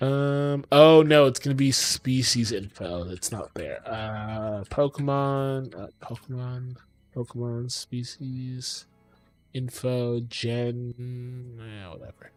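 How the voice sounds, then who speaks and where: A man's voice: medium pitch, slow pace, faint music behind. A man streaming his game coding in casual talk, exasperated, swearing often and talking to his chat.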